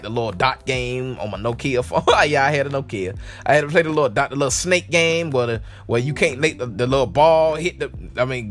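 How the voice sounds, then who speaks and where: A man's voice: mid-range voice, fairly bright tone. A man casually telling a personal story as a podcast host, full of "like" and "man," laughing often.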